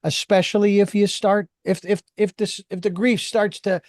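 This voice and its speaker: A man's voice: sits high, little pitch movement, moderate pace, a little mellow, no room sound, studio quality. A man hosting an interview, talking in a rambling, hesitant way with many restarts. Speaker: host.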